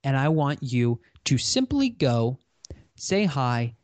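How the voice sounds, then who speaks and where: Animated male guest telling stories. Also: medium pitch, takes it slowly, dry recording. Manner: animated storyteller. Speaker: podcast guest, fellow podcaster. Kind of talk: storytelling in an interview.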